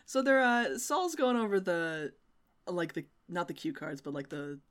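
A woman co-hosting a podcast in casual chat, hesitant and slow with many fillers. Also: on the low side, sing-song, a bit bright. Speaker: podcast co-host.

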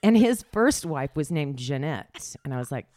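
A woman's voice: low-pitched, big pitch swings, moderate pace, a little mellow, dry recording. A middle-aged woman candidly telling her life story in a casual chat, laughing often and sometimes dropping to a near whisper.

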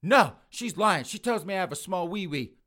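A man voicing a petulant grown son who shouts accusations at his mother, pitched high and loud. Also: wildly swooping pitch, fast, exaggerated voice. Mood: whiny, accusing. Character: whiny, hot-tempered grown son, male adult.

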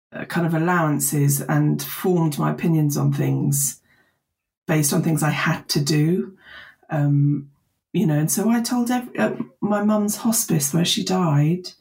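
A woman's voice: on the low side, creaky, darkish tone. A woman, a podcast guest talking candidly and emotionally in a chatty, self-deprecating way. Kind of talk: candid conversational interview.

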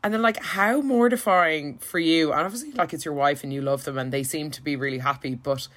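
A young woman co-hosting a podcast, chatting in a lively, gossipy way and laughing often. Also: low voice, a little fast. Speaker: podcast co-host. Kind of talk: casual gossip chat.

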